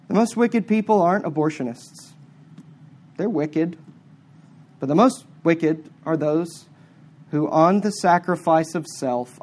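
An emphatic preacher delivering a sermon at a middle pitch. The delivery swings sharply between hard-stressed words and quiet asides. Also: expressive, measured pace.

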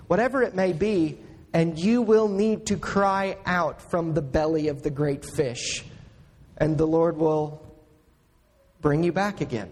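A man preaching a sermon as a pastor, slow and earnest, pressing each point with emphatic rises. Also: fairly high pitch, a little mellow. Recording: long hall reverb.

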